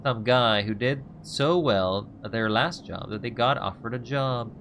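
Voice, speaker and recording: A man's voice: mid-range voice, unhurried, noisy background, natural voice. A man voicing a jittery, scruffy male ex-bounty hunter, talking sarcastically and pleading, as he reads game dialogue aloud. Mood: scheming.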